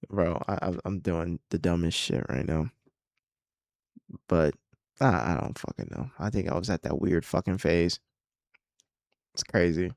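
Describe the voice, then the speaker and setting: A man's voice: sits low, measured pace, vocal fry, pauses often, a little mellow, no room sound, clean studio sound. A young man hosting a solo podcast, rambling casually with a lot of swearing and self-mocking asides. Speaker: podcast host.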